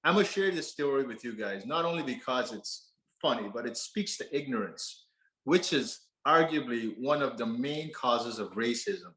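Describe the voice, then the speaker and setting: A man's voice: medium pitch, expressive, normal speed, bright, forceful tone. A man giving a personal storytelling talk from a stage, earnest and conversational, laughing now and then. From Canada. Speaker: speaker. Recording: roomy auditorium echo.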